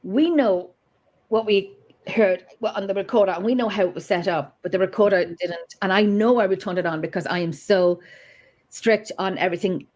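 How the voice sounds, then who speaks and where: A woman in the middle of her pitch range, recounting a ghost-hunting night as a podcast guest. Her telling is lively, and her voice climbs when she gets worked up. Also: normal speed. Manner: animated, rises in pitch when upset. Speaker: paranormal investigator guest. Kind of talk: storytelling in conversation.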